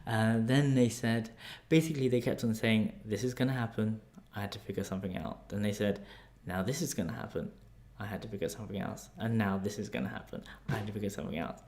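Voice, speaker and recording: A man with an English accent, a life coach telling a personal story in a casual, animated way. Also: lowish voice, a little fast. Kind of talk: storytelling vlog.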